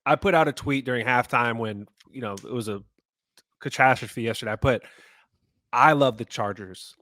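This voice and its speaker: A man's voice: medium pitch, a little fast, fairly bright tone, no room sound, clean studio sound. A man from Southern California, co-hosting a sports podcast with passionate, ranting talk. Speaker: podcast co-host. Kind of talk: casual podcast chat.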